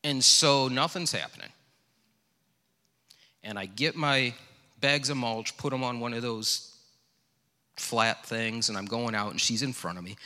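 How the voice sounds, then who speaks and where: In a church sanctuary, a middle-aged male pastor preaches in a conversational style, drifting into self-deprecating stories. His medium-pitched voice is bright and forceful, a little slow with frequent pauses, ringing with the hall's long reverb.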